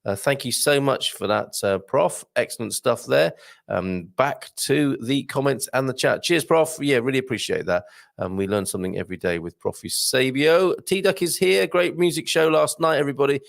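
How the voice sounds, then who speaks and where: A man's voice: medium pitch, moderate pace, creaky, no echo, studio quality. A man hosting a live online morning show, reading out viewer comments in a jokey, playful way and laughing often.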